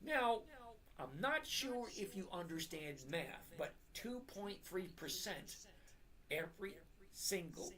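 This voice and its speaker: A middle-aged man hosting a trading live stream, talking bluntly to his chat and repeating his points slowly for emphasis. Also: high-pitched, animated, bright, forceful tone.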